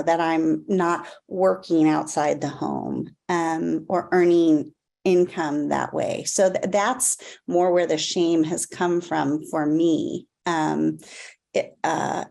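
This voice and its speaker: A woman with a low, gravelly voice speaks slowly and thoughtfully as a panelist. She hesitates and pauses often. She is heard over a video call. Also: a little mellow. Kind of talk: reflective panel talk.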